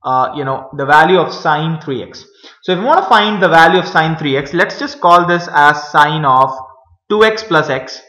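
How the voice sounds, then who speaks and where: A man teaching a math lesson, talking viewers through each step with many pauses and fillers. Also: on the high side, expressive, bright, forceful tone, reverberant, poor audio. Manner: hesitant, many fillers, addresses viewers as guys.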